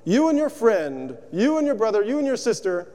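A man with a high, mellow voice delivers a sermon to his congregation. He talks it through casually, asking question after question. His words ring out with the long reverb of a hall. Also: fairly quick. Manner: asks rhetorical questions, conversational and animated. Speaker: preacher.

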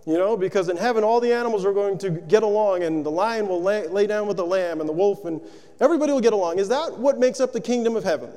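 A man with a high, mellow voice delivers a sermon to his congregation. He talks it through casually, asking question after question. His words ring out with the long reverb of a hall. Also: fast talker. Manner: asks rhetorical questions, conversational and animated. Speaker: preacher.

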